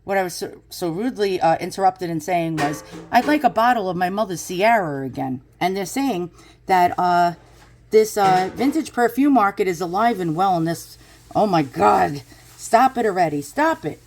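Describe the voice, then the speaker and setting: A woman's voice: on the low side, lively intonation, normal speed, darkish tone, soft background music. A woman in her fifties rambling through a casual home vlog in her kitchen, sarcastic and cranky, swearing freely. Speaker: YouTube vlogger.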